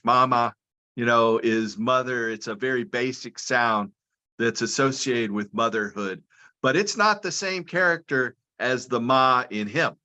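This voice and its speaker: A man's voice: mid-range voice, sharp tone, highs cut off. A man being interviewed over a video call, explaining things patiently and step by step like a lecturer. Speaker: guest, cannabis and hemp advocate.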